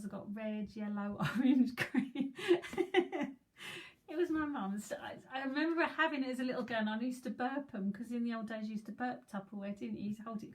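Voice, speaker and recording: A chatty woman in her fifties from England, giving a live psychic reading. She rambles through asides and giggles often, and her voice sits a little high. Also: rough recording. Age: 50s. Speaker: psychic medium.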